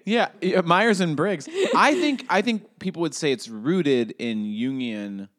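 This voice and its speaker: A man's voice: on the high side, lively intonation, a little slow, fairly bright tone. Playful man co-hosting a podcast. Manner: playful, joking, laughs often. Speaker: podcast co-host. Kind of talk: casual podcast chat.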